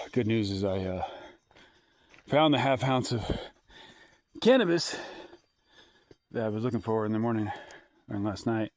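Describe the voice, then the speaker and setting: A man's voice: fairly low pitch, measured pace, long pauses, no room sound. A man vlogging alone from a forest campsite, talking into his handheld phone, out of breath, rambling and going off on tangents. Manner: rambling, sidetracked, jokey. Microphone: handheld phone camera.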